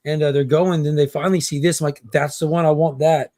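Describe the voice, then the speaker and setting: A man chats on a livestream and tells a con story with lively energy, slipping into voices for the people he quotes. His voice sits a little high for a man. The sound is close and dry, with no room around it. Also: quick pace, dry recording. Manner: animated, acts out quotes, haggling banter. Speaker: comic collector guest. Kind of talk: casual storytelling chat.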